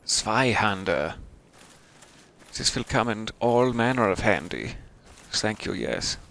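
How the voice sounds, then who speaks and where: A man's voice: fairly low pitch, expressive, slow pace, a bit bright, slight background noise. A man giving wry, self-deprecating commentary while playing a video game. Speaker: game streamer. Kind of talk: let's-play commentary.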